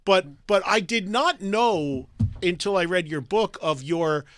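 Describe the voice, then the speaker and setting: A man's voice: high-pitched, animated, measured pace, fairly bright tone, no room sound. A man hosting a casual radio interview, chatting and chiming in with asides and questions. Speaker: radio host. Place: radio studio.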